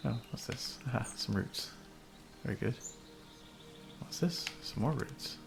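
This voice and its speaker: A man's voice: mid-range voice, normal speed, gravelly, music in the background. A man casually chatting and laughing as he streams a game, rambling between thoughts. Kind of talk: casual gameplay commentary.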